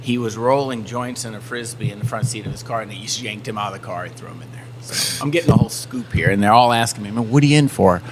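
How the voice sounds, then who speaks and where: This Southern band member talks fast with few pauses in a fairly low voice, animatedly voicing each person's quotes as he tells a podcast story. Background noise is present.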